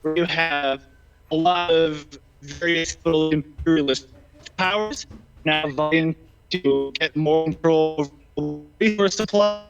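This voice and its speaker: A man's voice: a little high, measured pace, smooth, faint music behind. Man, casual debate, slightly out of breath, hesitant, lots of ums, muffled lo-fi audio. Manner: hesitant, many ums and restarts. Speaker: debate guest. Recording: dull lo-fi sound.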